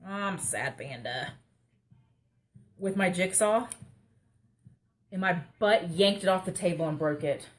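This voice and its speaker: A woman's voice: lowish voice, a little slow, pauses often. A young woman, rambling and joking through a casual live craft chat. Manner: rambling, chatty, self-mocking humor. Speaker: craft livestream host. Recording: faint background noise.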